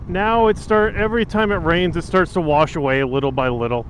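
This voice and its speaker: A man in his thirties talks to the camera from his motorcycle, telling a story in a chatty, rambling way full of fillers. His voice sits a little high. Wind and road noise roar around the helmet mic. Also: a little fast, a bit bright. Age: 30s. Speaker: motovlogger. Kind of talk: casual storytelling vlog. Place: outdoors on a windy road, riding a motorcycle. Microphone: helmet-mounted action camera mic. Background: wind and engine noise.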